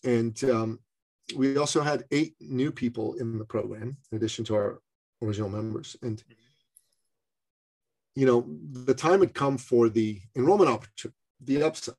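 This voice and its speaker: Gravelly, husky-voiced man telling a story. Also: medium pitch, normal speed. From Canada. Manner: animated storyteller, acts out quoted voices. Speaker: speaker and business coach. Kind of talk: storytelling in conversation.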